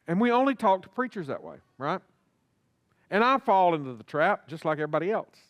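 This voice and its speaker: A man's voice: high voice, very animated, fairly quick, no room sound. A male pastor preaching a sermon in a church, talking to the congregation and acting out little dialogues. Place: church sanctuary.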